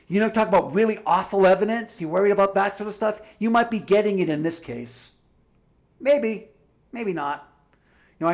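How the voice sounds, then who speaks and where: A man with a fairly high voice delivers a heated livestream monologue. He rants in a combative way, swears freely and slips in sarcastic asides. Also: vocal fry, darkish tone. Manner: profane, combative ranting. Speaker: livestream commentator.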